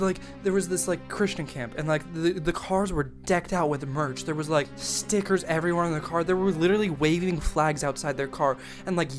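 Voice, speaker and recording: A young man telling a rambling, profane story from his teens in a casual storytime vlog, full of fillers and restarts. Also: fairly high pitch. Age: young adult. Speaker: storytime vlogger.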